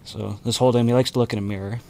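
A man co-hosting a casual podcast chat, telling wry stories in a dry, relaxed way that trails off quietly. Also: medium pitch, very fast, vocal fry. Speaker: podcast co-host.

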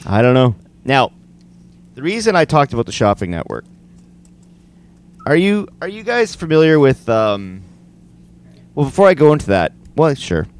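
A man's voice: medium pitch, very animated, a little slow, long pauses, smooth. Playful teasing man hosting a chat. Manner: playful, teasing, jumps in with questions. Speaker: podcast host. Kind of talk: casual chat.

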